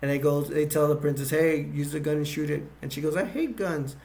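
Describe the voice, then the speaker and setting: A man's voice: fairly high pitch, completely flat delivery, fast, creaky, darkish tone. A man casually retelling a movie's plot in a rambling way, with many restarts and fillers. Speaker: movie reviewer.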